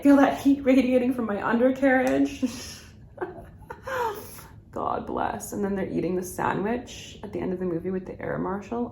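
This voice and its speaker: A woman with a lowish, gravelly, slightly mellow voice does a chatty get-ready-with-me as a beauty vlogger, rambling through her makeup with lots of "like" and laughter. The room is echoey, with slight background noise.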